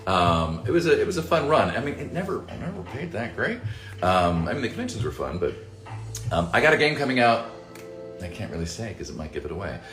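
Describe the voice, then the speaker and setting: A character voice actor answers fan questions in a casual livestream Q&A, joking, swearing casually and reading chat messages aloud. His voice is on the low side with big pitch swings, brisk and slightly bright, set against a roomy echo and faint music.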